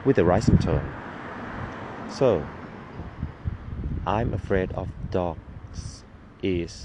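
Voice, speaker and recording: A man hosting a language lesson, speaking clearly and patiently and repeating words slowly. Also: low-pitched, expressive, noisy background. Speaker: language teacher.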